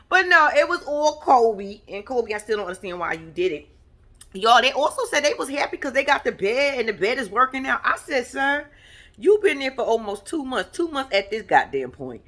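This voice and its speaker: A woman recapping a reality show in casual chat, with animated, profane, laughing commentary that addresses her viewers directly. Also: medium pitch.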